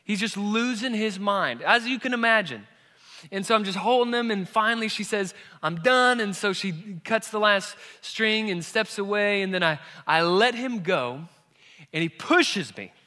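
A man in his thirties preaching a sermon as a pastor, telling a story that moves between quiet moments and loud, emphatic ones. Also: sits high, lively intonation, moderate pace. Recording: long reverb of a large hall.

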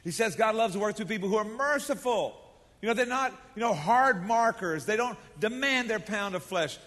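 A man's voice: high-pitched, animated, moderate pace, fairly bright tone. A middle-aged man preaching a sermon to his congregation, folksy and emphatic, leading them in call-and-response. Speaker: pastor. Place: large church sanctuary. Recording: long hall reverb.

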